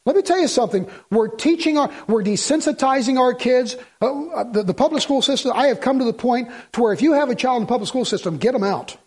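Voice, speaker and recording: Husky, high-voiced man preaching emphatically. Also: animated, quick pace, few pauses, a little mellow. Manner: folksy, emphatic preaching with rhetorical questions. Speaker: pastor. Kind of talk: sermon.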